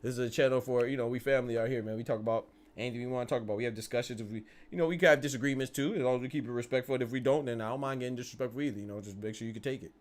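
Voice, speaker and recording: A man hosting a live boxing stream, chatting casually and asking viewers whether they follow him. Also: medium pitch. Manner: chatty, tag questions, quick restarts.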